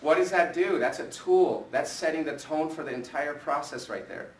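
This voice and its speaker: A man's voice: a little high, moderate pace. A man leading a live sales training in front of a group, coaching energetically and asking the room questions. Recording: echoey room from a distance with faint ambience.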